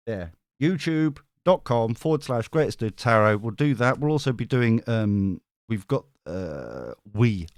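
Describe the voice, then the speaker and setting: A man's voice: medium pitch, no echo, studio quality. A man casually chatting with his viewers on a live stream, cheeky and swearing, often laughing. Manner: cheeky, swears, laughs a lot, reads chat aloud. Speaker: tarot reader streamer.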